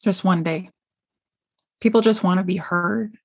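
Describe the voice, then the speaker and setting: An interview host with a gravelly, fry-heavy voice. They speak in an agreeable, affirming way, backing up the guest with short responses and brief comments. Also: mid-range voice, steady tone, measured pace. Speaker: podcast host. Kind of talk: interview conversation.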